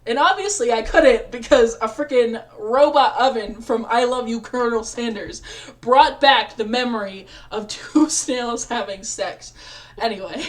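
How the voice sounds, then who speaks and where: A woman's voice: on the high side, unhurried. A young woman reading a visual novel aloud as a let's play, rambling and self-mocking with frequent laughs.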